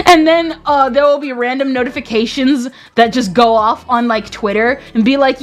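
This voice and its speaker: Young woman streamer, casual chat, rambling and exclamatory, high voice at a slow pace. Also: soft background music. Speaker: live streamer.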